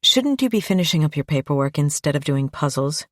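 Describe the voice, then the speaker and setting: A woman's voice: deep voice, very animated, brisk, a bit bright, no echo. A woman voicing a dry, sardonic female detective in an audiobook.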